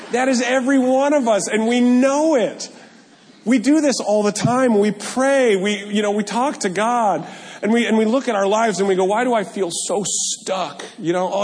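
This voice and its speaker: A male pastor preaching a sermon, animated and joking, with self-deprecating asides. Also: sits high. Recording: long hall reverb.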